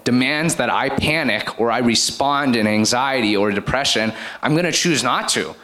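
A man casually sharing a faith testimony in a church group, animated and laughing, with lots of fillers. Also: mid-range voice.

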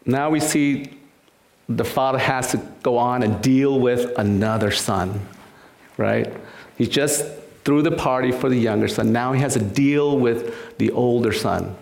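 A man's voice: mid-range voice, measured pace, vocal fry, reverberant. A man giving a sermon in an earnest way, often repeating words and acting out what people in the story say. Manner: earnest, repeats words, acts out quoted voices. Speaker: preacher.

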